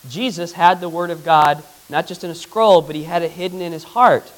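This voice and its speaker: A man, a pastor, leads a Bible lesson in an easy, conversational way, often pausing to put questions to his congregation. His voice sits a touch higher than most men's. When he reads Scripture aloud, he slows right down. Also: fairly even intonation, poor audio. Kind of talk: interactive Bible teaching.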